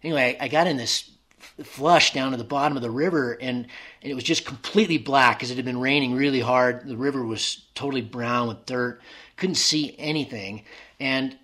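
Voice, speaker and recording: A man's voice: mid-range voice, a little fast, pushed and bright. A man as an interview guest, telling a story in casual speech with many restarts, acting out remembered inner dialogue.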